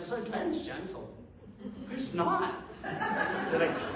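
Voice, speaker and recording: A man's voice: very high voice, sing-song, slow, long pauses, background noise. A man preaching a conversational sermon to a congregation, casual and self-deprecating, with chuckling asides. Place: church hall with a congregation. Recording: echoey hall from far off.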